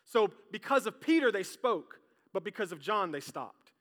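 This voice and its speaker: A man preaching a sermon as pastor, lively and joking, talking straight to his congregation. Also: sits high, normal speed. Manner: lively, jokey, talks straight to the crowd. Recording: long hall reverb.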